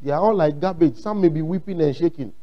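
A pastor with a Ghanaian English accent preaches a sermon, repeating his points emphatically and acting out quotes. His voice is a little high and his pace quick, and the audio sounds dull.

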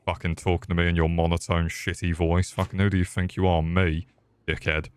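A low-voiced British man streaming a game and ranting at it in casual commentary. He swears constantly and gets crude and mock-angry. His voice sits deep and gruff. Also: monotone, fairly quick, a little mellow, dry recording.

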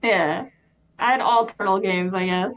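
A woman's voice: medium pitch, unhurried, muffled recording, crowd noise. A woman co-hosting a casual let's-play of retro games, chatty and easygoing, laughing often. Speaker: game co-host.

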